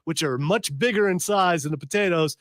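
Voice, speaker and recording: A man hosting a live talk radio show, reading news out loud and joking, stumbling over long names. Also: high voice, a little fast, dry recording, studio quality. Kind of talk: casual live radio chat.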